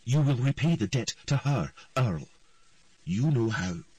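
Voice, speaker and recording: A cold, imperious old queen, played by a male narrator, her voice pitched well up and delivered loud and forceful. She speaks with clipped, stern authority. The recording is dry and set a little back from the mic. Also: very animated, measured pace, breathy edge, dry recording, far from the mic.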